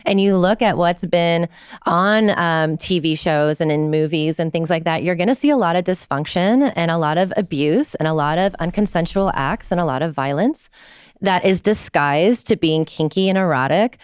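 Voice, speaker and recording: Woman, kink coach, low pitch, smooth clear voice, frank and earnest, interview storytelling. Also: normal speed, dry recording, clean studio sound. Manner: frank, earnest, often uses "like" as filler. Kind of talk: candid storytelling in a podcast interview.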